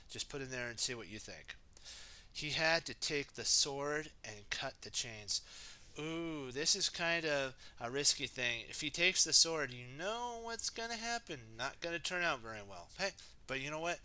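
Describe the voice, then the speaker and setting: Bright-voiced man reading a kids' storybook. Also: medium pitch. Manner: chatty, talks to viewers, asks for comments. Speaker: storybook reader. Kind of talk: reading a children's storybook aloud.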